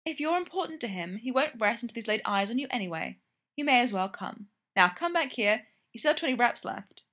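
A woman reading the lines of a cool, commanding female spy, calm and clipped. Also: a little high, brisk.

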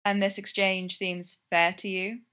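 A prim male professor who speaks formally and sounds put-upon and exasperated, as a woman reads him. The voice rises in pitch as he protests, lively in a read-aloud story. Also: unhurried, close to an everyday voice. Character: proper, frustrated male professor in therapy.

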